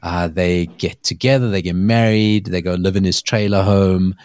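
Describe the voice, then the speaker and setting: Brief: man, podcast host, low voice, dry close sound, chatty storyteller who laughs a lot. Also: fairly even intonation, normal speed, a little mellow, no room sound. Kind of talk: casual chat.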